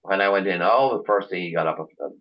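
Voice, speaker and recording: Speaking fast in a low voice over dull audio, a middle-aged Irish chauffeur tour operator chats as a guest in a relaxed interview. His stories meander, and he keeps restarting his sentences.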